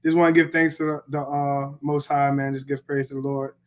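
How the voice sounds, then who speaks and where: A man's voice: a little high, little pitch movement, brisk. A young man from Pittsburgh, a college football player, answering interview questions in a laid-back way, filling with "man" and "you know.". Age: young adult.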